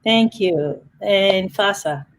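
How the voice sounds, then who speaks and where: A woman's voice: mid-range voice, takes it slowly, slight background noise, rough recording. A woman hosting a live online panel over a video call, chatty and upbeat. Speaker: host.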